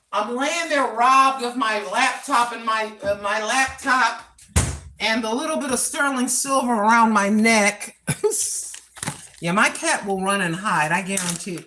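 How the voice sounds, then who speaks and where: A woman's voice: fairly high pitch, slow pace, pushed and bright, a little hiss or hum. An older woman vlogging in a chatty, rambling way, repeating herself and laughing at her own asides. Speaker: cooking and lifestyle vlogger. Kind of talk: casual rambling monologue.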